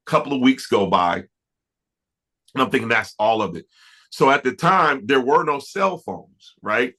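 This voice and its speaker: A middle-aged man, an R&B producer, telling stories in a casual interview, animated and stumbling over restarts. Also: medium pitch, a little slow. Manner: animated, laughing storyteller with many restarts.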